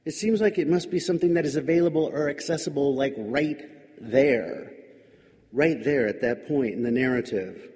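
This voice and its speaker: A man's voice: mid-range voice, moderate pace, a little mellow. A male pastor giving a reflective sermon, musing aloud with wry, questioning asides. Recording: long hall reverb.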